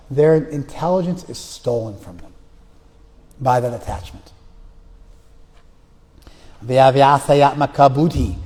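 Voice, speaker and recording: A man's voice: mid-range voice, long reverb tail. A man giving a spiritual lecture who chants verses and then explains them in plain words, telling stories with voices. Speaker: spiritual teacher. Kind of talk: lecture on scripture. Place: class room.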